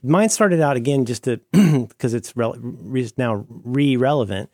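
A man of average pitch chats on a podcast with a wry, joking manner, tossing in quick asides. His voice sits close and dry, with no room sound. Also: lively intonation, dark tone, no echo. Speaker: podcast co-host. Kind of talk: casual chat.

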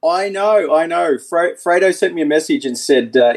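A man's voice: a little high, moderate pace. A man in his forties, a former motorcycle racer, chatting easily as a podcast guest over a video call, laughing often. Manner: easygoing, chatty, laughs often, many restarts. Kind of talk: casual podcast chat.

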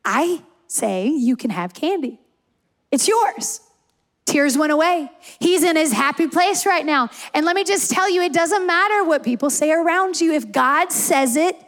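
High-voiced woman preaching emphatically. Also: unhurried, fairly bright tone. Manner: emphatic, repeats key lines for stress. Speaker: campus pastor. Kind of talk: sermon with personal stories.

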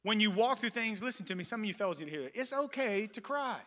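A pastor in his thirties delivers a sermon in a church. His voice is high and bright, with a forceful edge. He swings between loud, emphatic calls and quiet, lowered asides. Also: animated, very fast. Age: 30s.

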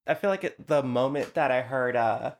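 A man in casual podcast chat, talking in a measured, thoughtful way with a few ums. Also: medium pitch.

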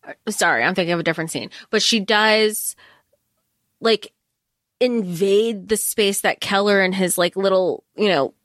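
A woman co-hosting a podcast, animated and casual as she discusses a book, with quick asides and swearing. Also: medium pitch, no room sound, studio quality. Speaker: podcast co-host.

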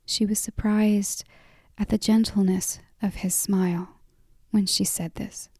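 A woman narrating a story in a whispered role-play, softly and unhurriedly. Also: mid-range voice, flat delivery, husky, no room sound, clean studio sound. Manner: soft, unhurried reading.

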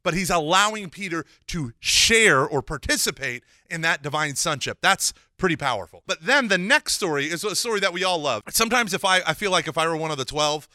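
A man giving a lively Catholic teaching talk, mixing casual slang with scripture and acting out the dialogue he retells. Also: on the high side, a little fast, hardly any pauses, no echo, studio quality. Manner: animated, acts out quoted dialogue.

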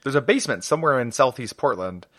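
Tired, goofy man with a lively voice. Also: mid-range voice, fast, no room sound, clean studio sound. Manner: goofy, tired, breaks into silly singing. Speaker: podcast co-host. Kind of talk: casual chat.

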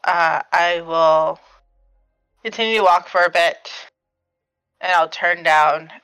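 A woman talking through her turn in a tabletop game, relaxed and casual. Her voice is smooth and bright, recorded close and dry. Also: on the low side, slow pace, no room sound, soft background music, poor audio. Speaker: player.

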